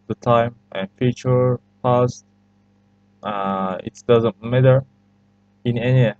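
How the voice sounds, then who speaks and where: Slow, patient man with a Turkish accent. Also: mid-range voice, a little mellow, dry recording. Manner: patient, hesitant, repeats phrases for learners. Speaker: language teacher. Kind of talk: screen-recorded language lesson. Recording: slightly muffled lo-fi recording.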